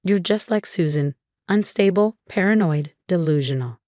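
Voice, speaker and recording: A scheming, sneering mother-in-law from a told story, read by a woman narrator. The voice stays low and dry. She sounds much like the narrator herself. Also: expressive, normal speed, dry recording.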